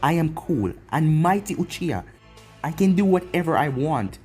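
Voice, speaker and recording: A man's voice: fairly high pitch, animated, normal speed, a little mellow, slightly rough, faint music behind. A man voicing a brash, arrogant young male ninja who taunts and brags. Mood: cocky. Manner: boastful, taunting.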